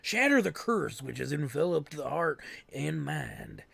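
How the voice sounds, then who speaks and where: A man's voice: fairly high pitch, big pitch swings, measured pace, gravelly, a bit bright, slightly rough, no echo, full character voice. A man voicing a brash young male priest with a put-on American Southern drawl, who chants solemn prayers. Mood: prayerful.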